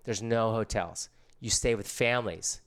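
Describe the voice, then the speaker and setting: Middle-aged man, easygoing surfer storyteller, smooth resonant voice. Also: lowish voice, unhurried. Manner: laid-back, slangy surfer talk. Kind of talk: casual storytelling.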